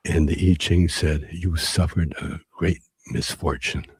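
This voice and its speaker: A man with a deep, rough-edged voice tells a long story as a guest in a conversation. He talks haltingly, circling back and restarting his sentences. His voice sounds dry and close. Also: steady tone, dry recording. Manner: halting, with many restarts and fillers. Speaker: interview guest. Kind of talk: rambling storytelling.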